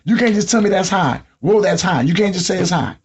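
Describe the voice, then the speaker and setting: A man with a Southern US accent hosting a podcast, telling comedic stories about his job and mimicking customers in an animated way. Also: high voice, fairly quick, slightly rough. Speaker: podcast host. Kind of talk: comedic monologue. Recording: dull lo-fi sound.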